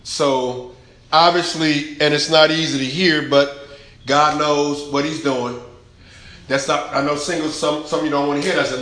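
A man's voice: fairly high pitch, steady tone, a little slow, a bit bright. A male pastor preaching a sermon, emphatic and colloquial, with lots of repetition. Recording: very echoey hall, faint noise.

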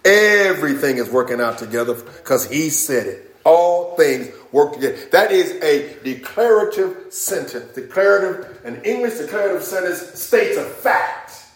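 A middle-aged man preaching a sermon as pastor, emphatic and calling out amens, rising at times to shouts. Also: on the high side, lively intonation, normal speed, few pauses. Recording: echoey room.

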